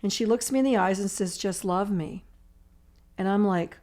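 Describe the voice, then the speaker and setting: A woman's voice: mid-range voice, fast talker, dark tone. A woman telling her own recovery story in conversation, speaking in emotional, run-on sentences full of "I'm like" asides. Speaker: author and recovery guest.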